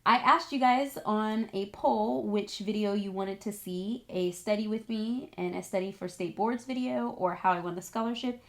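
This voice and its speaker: A young woman vlogger telling a personal story in a casual, animated and chatty way, turning tearful at moments. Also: mid-range voice, normal speed, few pauses. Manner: animated, emotional, chatty with many "like"s. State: tearful at times. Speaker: vlogger, esthetics student.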